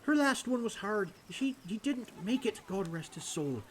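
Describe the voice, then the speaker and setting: A man putting on a high, fretful village woman. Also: expressive, normal speed, a little hiss or hum. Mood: fretful, earnest.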